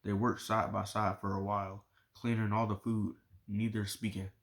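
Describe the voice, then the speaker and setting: A man reading a novel aloud, chapter by chapter, in steady unhurried narration. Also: lowish voice. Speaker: audiobook reader.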